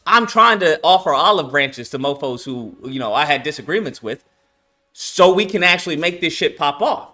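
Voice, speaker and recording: A young man talks casually on his channel about the game he is making. His voice is high and bright, and it swings widely in pitch. He uses lots of slang, swearing and fillers, with faint music underneath. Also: expressive, normal speed. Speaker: game developer and channel host. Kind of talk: casual livestream chat.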